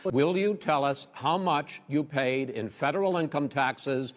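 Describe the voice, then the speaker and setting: An American man moderates a televised debate, calmly trying to rein in two candidates who keep talking over each other. His pitch is ordinary for a man. His words ring out with the long reverb of a large hall. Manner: measured, tries to keep order.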